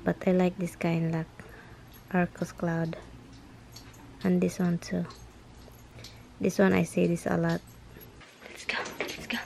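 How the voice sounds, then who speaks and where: A woman's voice: fairly low pitch, vocal fry, darkish tone. Chatty Filipino woman vlogging at home. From Philippines. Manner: chatty, laughs often, fond with her pets. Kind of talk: casual home vlog. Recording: home video with background noise.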